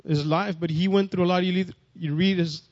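A fairly high-voiced man preaches in a plain, unpolished way, restarting phrases and lifting his voice on scripture. The recording is dry and dull, with a muffled lo-fi sound. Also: fairly even intonation, fairly quick, darkish tone, no echo. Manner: plainspoken, repeats and restarts phrases, rises in pitch and volume when reading verses. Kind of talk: sermon reading scripture.

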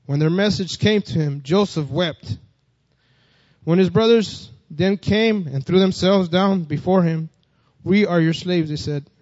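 Plainspoken preacher. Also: male voice, unhurried, a little mellow, no room sound, muffled recording. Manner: plainspoken, repeats and restarts phrases, rises in pitch and volume when reading verses. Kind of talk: sermon reading scripture.

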